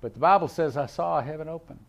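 Man preaching with loud-soft swings. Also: fairly high pitch, fast talker, gravelly. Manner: swings between loud emphatic scripture reading and quiet asides; reads King James verses aloud. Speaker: pastor. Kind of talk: sermon.

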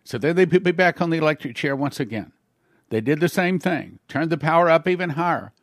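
A pastor retells a testimony in the first person, earnest and steady as he tells it. His voice sits a little high for a man. The sound is dry and close, with no room around it. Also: fairly quick, dry recording. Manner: earnest storytelling.

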